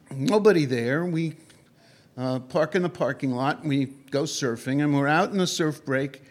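A man with a high voice telling a personal anecdote. He talks animatedly and wanders, with frequent fillers and restarts. His storytelling is conversational and lively.

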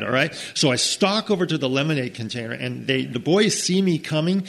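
A man's voice: medium pitch, fairly quick, gravelly. A middle-aged man telling a funny personal story, chatty, with frequent asides to check in with listeners. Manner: conversational, frequent "okay?" asides, lively quoted voices.

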